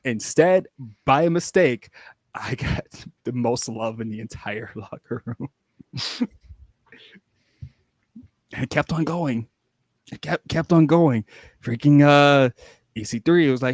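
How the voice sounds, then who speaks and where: A man's voice: medium pitch, slow, pauses often, dry recording, clean studio sound. A young man, a wrestler guest on a podcast, telling rambling, casual stories full of restarts and acted-out quotes. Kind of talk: casual storytelling.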